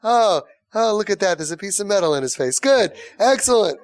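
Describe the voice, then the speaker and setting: A man's voice: high-pitched, expressive, a little fast, voice pushed up. A man voicing an overly enthusiastic parent who showers fake praise in exclamations. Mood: gushing. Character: gushing, fake-cheerful parent, middle-aged.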